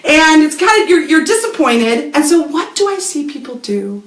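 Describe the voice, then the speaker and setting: A woman's voice: sits high, very animated, moderate pace, reverberant. A woman hosting her own show, giving marketing advice in a casual, sardonic talk to camera, acting out quoted voices and swearing offhandedly.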